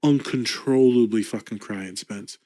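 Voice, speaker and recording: Male therapist type talking over a show; blunt, street-slangy, swearing, relaxed warm timbre. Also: medium pitch, a little slow. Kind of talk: casual reaction chat.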